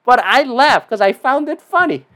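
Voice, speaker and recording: A man hosting his own podcast alone, talking casually in a rambling, profane way with lots of fillers and big jumps in pitch. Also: expressive, normal speed, bright, forceful tone. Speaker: podcast host. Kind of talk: casual solo podcast monologue.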